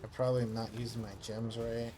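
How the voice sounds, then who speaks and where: Guy streaming a game, rambly and filler-heavy, mid pitch, faint hum behind. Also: little pitch movement, quick pace. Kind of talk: casual live-stream chat.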